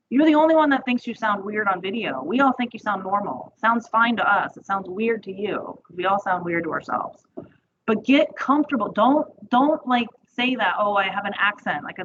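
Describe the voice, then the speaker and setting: Upbeat woman trainer, chatty webinar talk, muffled audio with steady background noise. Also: medium pitch. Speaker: marketing trainer.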